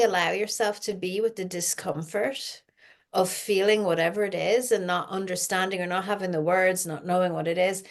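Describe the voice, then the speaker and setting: A middle-aged woman, hosting a casual spiritual healing chat and speaking in a gentle, reflective way. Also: mid-range voice. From Ireland. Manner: gentle, reflective, talks with her audience. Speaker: spiritual healing podcast host.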